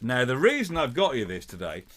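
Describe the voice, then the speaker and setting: A man hosting a live-streamed quiz, chatting in a halting way with lots of filler sounds and reading out viewers' guesses playfully. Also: medium pitch, huge pitch swings, fairly bright tone, a little hiss or hum. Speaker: host of a live-streamed show.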